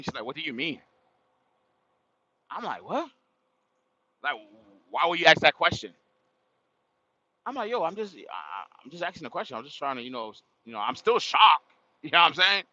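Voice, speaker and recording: A man's voice: a little high, bright, forceful tone, no echo. A man telling a story to his livestream chat in a casual, slangy way, often laughing and exclaiming. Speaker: livestream host. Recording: dull lo-fi sound.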